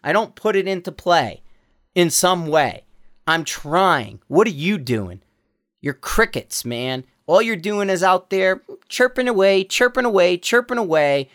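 A man's voice: high voice, lively intonation, unhurried, a bit bright. A man hosting his own podcast, talking bluntly in a heated, profane rant full of restarts, recorded while walking around a neighborhood. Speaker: podcast host. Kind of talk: casual ranting monologue.

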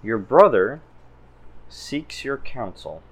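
A man voicing a stern woman leader who is quick to anger and speaks in curt commands. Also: mid-range voice, very animated, husky, heavily acted. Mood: tense.

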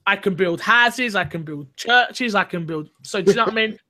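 Bright, high-voiced man chatting. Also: moderate pace. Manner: chatty, rambling, animated. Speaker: podcast host. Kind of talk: casual gaming podcast chat.

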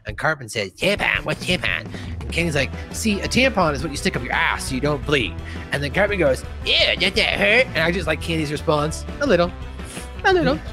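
A man's voice: on the high side, brisk, music in the background. A man casually recapping a cartoon episode, laughing and acting out lines from it. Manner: animated, laughing, acts out character lines. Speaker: podcast host.

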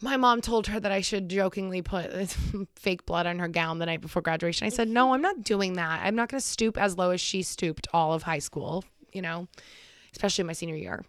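A woman's voice: fairly low pitch, fairly quick, smooth, dry recording, studio quality. A young woman telling a long story in casual, profane chat.

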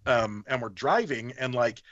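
Unhurried and medium-pitched, this man tells a story as a podcast guest, cursing freely and animatedly voicing other people's lines in casual conversation. There's no echo, though the audio is slightly muffled.

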